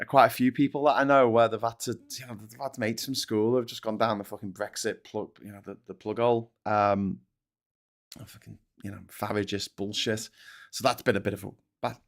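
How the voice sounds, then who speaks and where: A man's voice: mid-range voice, a bit bright. A middle-aged man hosting a live stream, chatting casually and reading viewer comments, rambling and swearing, often laughing.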